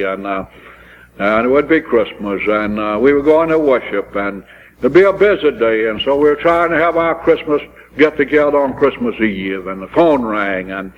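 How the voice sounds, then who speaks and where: A man's voice: medium pitch, slight background noise. A man preaching a sermon, telling stories and building to impassioned, pleading climaxes. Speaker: pastor. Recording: dull old recording in a large hall.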